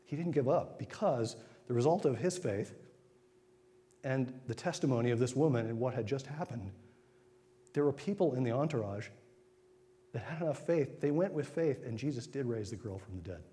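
A man giving an informal sermon, retelling scripture in a conversational way with quick acted asides. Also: mid-range voice, expressive, dark tone. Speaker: preacher. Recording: long hall reverb.

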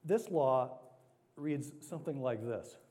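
A male preacher delivering an energetic, emphatic sermon to a congregation, repeating key phrases for weight. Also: mid-range voice, slow pace. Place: church sanctuary. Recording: long hall reverb.

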